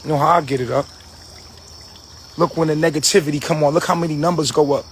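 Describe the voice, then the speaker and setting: A man's voice: fairly high pitch, fairly even intonation, quick pace. Male livestream host: raised voice, profane, repetitive preachy rant, faint background noise.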